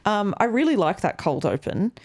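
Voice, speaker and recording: A woman's voice: mid-range voice, sing-song, moderate pace. A young woman co-hosting a podcast in casual chat, playful and chatty, often laughing and trailing off with fillers. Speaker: podcast co-host.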